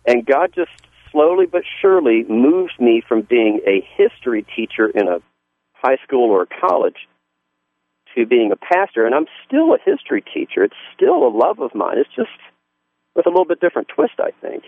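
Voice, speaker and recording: Southern pastor on a tinny line. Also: male voice, medium pitch, sing-song, moderate pace, vocal fry, no echo. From Southern US (Georgia). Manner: earnest, folksy storytelling with frequent restarts. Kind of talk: testimony in a radio interview. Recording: dry, phone-like radio line.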